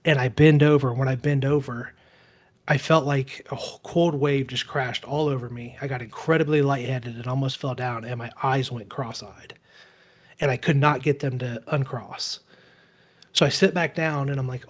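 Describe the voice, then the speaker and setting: A man's voice: mid-range voice, steady tone, normal speed. A man around forty, co-hosting a podcast and telling a long personal story in casual chat, often restarting his sentences and acting out what others said. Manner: rambling, self-correcting storyteller who acts out quoted dialogue. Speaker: podcast co-host.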